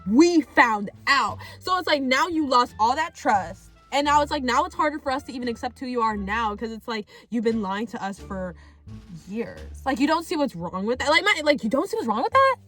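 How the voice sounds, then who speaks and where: Animated young woman telling a story. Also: a little high, normal speed. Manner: animated, rambling, heavy use of "like", swears freely. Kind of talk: casual storytime chat. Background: faint background music.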